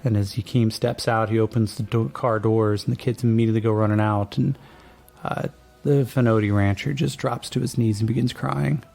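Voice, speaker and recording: A man's voice: fairly low pitch, steady tone, normal speed, creaky, a little mellow, soft background music. A man narrating as game master of a tabletop game, laid-back and rambling with lots of fillers.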